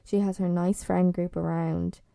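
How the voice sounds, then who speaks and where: A woman's voice: on the low side, flat delivery, a little slow, creaky, mellow, no room sound. A woman hosting a podcast, chatting casually and bluntly, swearing freely and filling her talk with "like" and "um". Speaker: podcast host. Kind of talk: casual solo chat reviewing a TV series.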